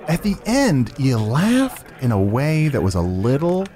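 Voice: medium pitch, wildly swooping pitch, measured pace, dark tone. Playful, hesitant comedy podcast host. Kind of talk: improvised comedy podcast chat.

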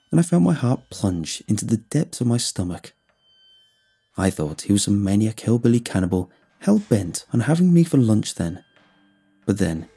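A man narrating a scripted first-person story in an expressive storytelling way. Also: lowish voice, gravelly, breathy edge.

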